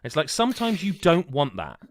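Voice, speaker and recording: A man's voice: a little high, brisk, no echo, studio quality. A man co-hosting a gaming podcast, chatting casually and laughing as he tells stories. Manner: animated, laughs while telling stories. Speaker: podcast co-host. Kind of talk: casual chat.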